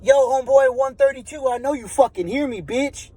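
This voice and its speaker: A man voicing a menacing male prison inmate who yells profane threats and taunts. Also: high-pitched, unhurried, pitched above the performer's own voice. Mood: taunting.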